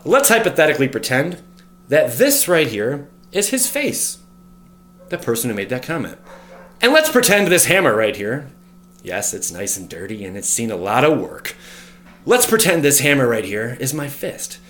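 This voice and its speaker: A man hosting a casual card review vlog at home, animated, swearing freely and breaking off into joking rants. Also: medium pitch, moderate pace. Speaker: card game video host.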